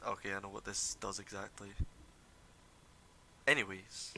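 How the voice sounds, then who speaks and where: Man with a bright, tense voice. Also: lowish voice, a little slow, gravelly, slight background noise. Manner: relaxed, rambling description full of fillers. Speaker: game master. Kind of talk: narrating a tabletop game.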